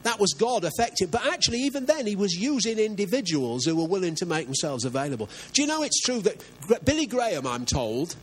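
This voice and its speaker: A man's voice: high-pitched, big pitch swings, fast, few pauses, husky, rough recording. An older man preaching a sermon as pastor, earnest and emphatic, often asking his listeners questions.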